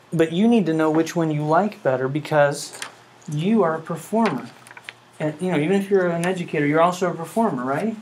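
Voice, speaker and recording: A man's voice: a little high, darkish tone, a little hiss or hum, low-quality recording. A man teaching a music class, talking earnestly and checking in with rhetorical questions. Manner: earnest, asks rhetorical questions, hums melodies. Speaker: music professor. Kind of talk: classroom lecture.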